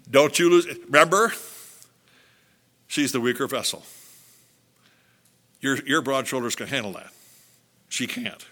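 Older male pastor, sermon delivery, animated storyteller, bright voice. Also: medium pitch. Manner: animated storytelling, acts out quotes.

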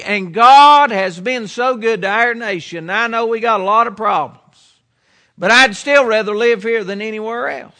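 A man's voice: very high-pitched, normal speed, pushed and bright. A middle-aged preacher from the United States delivering a sermon in an earnest, emphatic way, repeating his points.

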